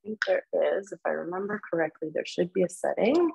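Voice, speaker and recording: A woman's voice: fairly low pitch, lively intonation, brisk, vocal fry, darkish tone, echoey room, rough recording. A woman teaching tenor drumming in an online group lesson, patiently counting the rhythms aloud with frequent ums. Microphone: video call microphone.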